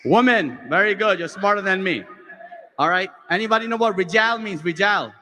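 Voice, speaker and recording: Poor audio and a big-room sound frame this man, a US emcee working a large convention hall stage. At normal speed, he spins an animated stand-up story, lowering his voice to act out each exchange.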